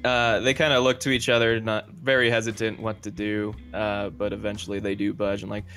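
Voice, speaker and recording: A man's voice: on the low side, little pitch movement, normal speed, few pauses, fairly bright tone, soft background music. A man narrating as game master of a tabletop role-playing game, loose and full of fillers.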